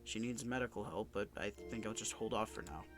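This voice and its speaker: A man's voice: lowish voice, brisk. Earnest man reading a visual novel. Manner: emotional, earnest, stumbling over words. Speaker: gaming YouTuber. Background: background music.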